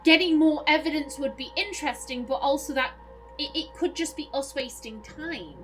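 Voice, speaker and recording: A woman gamer giving casual gameplay commentary, chatty and self-mocking, thinking out loud as she reads clues. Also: high-pitched, moderate pace, soft background music. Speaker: let's play gamer.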